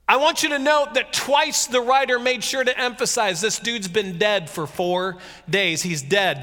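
A man giving a casual, conversational sermon, retelling a scripture story with jokey asides and animated reading. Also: high-pitched, in a large hall. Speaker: pastor.

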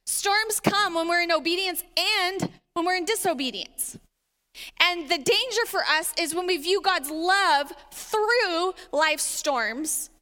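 A woman's voice: very high-pitched, bright, forceful tone. A woman preaching a sermon, reading scripture aloud and animatedly acting out the voices in it, laughing along with her congregation. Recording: reverberant hall.

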